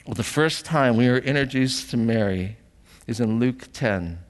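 In a large hall, a pastor preaches a sermon in a mid-range voice at a slightly slow pace. He is earnest and emotional, often asks the congregation questions, and is at times tearful.

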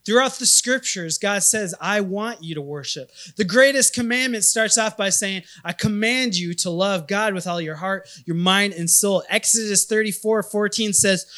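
A man from Minnesota in his thirties preaching a sermon, telling stories with animated, emphatic swings in loudness. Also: sits high, normal speed, hardly any pauses. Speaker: pastor.

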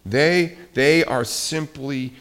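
A man preaching a sermon in a conversational, animated way, swinging between soft and loud. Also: medium pitch, extremely slow, smooth. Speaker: pastor.

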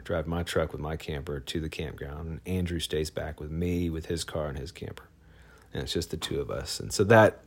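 Deep gravelly man telling a personal story. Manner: halting, many fillers and restarts. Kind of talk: personal story told casually.

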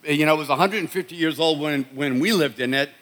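A man's voice: a little high, quick pace, fairly bright tone. A middle-aged man with a Boston accent, preaching a sermon in a conversational storytelling way, often restarting his sentences. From Boston, USA. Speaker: pastor.

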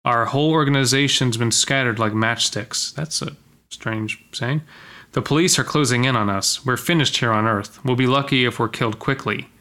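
A man's voice: medium pitch, moderate pace, bright, forceful tone. A man reading a science-fiction story aloud with a friend, acting out the lines and breaking off to joke about the writing. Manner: reads lines dramatically, then jokes and comments. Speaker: co-reader of a story. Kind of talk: casual reading aloud with banter.

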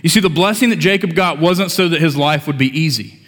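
A man's voice: a little high, a little fast, a bit bright. A male pastor delivering a sermon in a conversational style, with joking asides to the congregation. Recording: long church-hall reverb.

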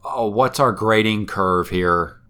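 A man's voice: lowish voice, slow pace, clean tone. A man co-hosting a podcast, retelling a cartoon episode in casual chat with wry, swearing humor. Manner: animated storytelling, wry and swearing. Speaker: podcast co-host.

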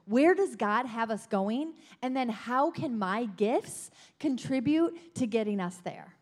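A middle-aged woman sharing personal stories from her marriage during a sermon, dropping softly at the ends of lines. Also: on the high side, lively intonation, slow pace. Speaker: pastor's wife, co-speaker. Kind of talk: sermon testimony.

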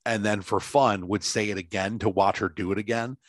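A man's voice: fairly low pitch, fairly even intonation, brisk, dry recording. A man in casual chat, telling a long rambling story full of fillers over a video call.

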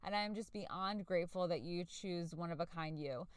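A woman in her forties hosts her own podcast, chatting away in an earnest, talkative manner. Her voice is smooth and clear. The recording is dry, with a close microphone. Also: lowish voice, normal speed, no echo. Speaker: podcast host. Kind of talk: casual solo podcast talk.

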